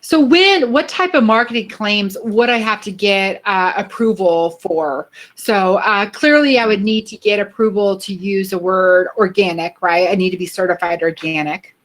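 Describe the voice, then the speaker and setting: A woman's voice: medium pitch, moderate pace, hardly any pauses. A woman hosting a conversation, asking questions in a friendly way with frequent fillers and restarts. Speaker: podcast host. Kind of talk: casual interview chat.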